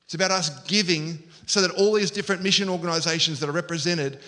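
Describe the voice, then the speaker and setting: A man's voice: a little high, steady tone, quick pace, bright, forceful tone. A man preaching a sermon as pastor, telling Bible stories and acting out the quoted lines. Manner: storytelling, acts out quoted lines.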